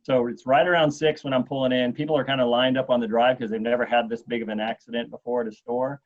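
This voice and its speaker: A man in his forties, a guest telling a long anecdote in an interview, animated and acting out what others said. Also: mid-range voice, quick pace. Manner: animated storyteller, acts out quotes. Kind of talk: storytelling in an interview. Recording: dull lo-fi sound.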